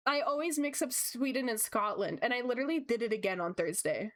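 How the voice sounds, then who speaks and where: A young woman chatting casually as she draws on a livestream, bubbly and gushing with quick asides. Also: a little high. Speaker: streamer. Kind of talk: casual chat while drawing.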